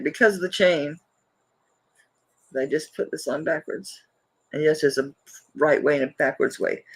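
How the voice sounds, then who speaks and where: A woman's voice: low voice, slight background noise. A woman hosting a live jewelry auction, chatting casually and rambling, laughing often as she shows pieces. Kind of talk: casual live-stream selling chat.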